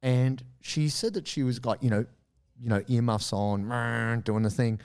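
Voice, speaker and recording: A man's voice: mid-range voice, measured pace, vocal fry, clean tone. A man co-hosting a podcast, telling a story in casual chat with lots of acted-out voices. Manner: animated, acts out voices in quotes. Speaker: podcast co-host.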